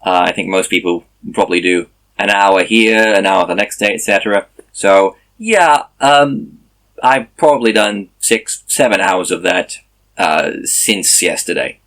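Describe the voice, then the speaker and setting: A man's voice: low-pitched, measured pace, a bit bright. A man speaking, casually recording a video diary about learning a language, tired and explaining as he goes. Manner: chatty, explanatory, self-correcting.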